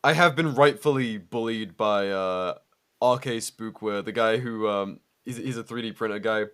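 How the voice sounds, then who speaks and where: A man's voice: fairly low pitch, normal speed, a bit bright, smooth. Laid-back swearing man chatting. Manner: laid-back, swears a lot, frequent fillers and laughs. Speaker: podcast co-host. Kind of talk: casual chat.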